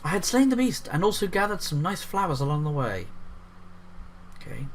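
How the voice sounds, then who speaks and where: A man's voice: sits high, sing-song, moderate pace, slight background noise. A man reading an article aloud and breaking off into sarcastic, profane commentary. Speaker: YouTube commentator.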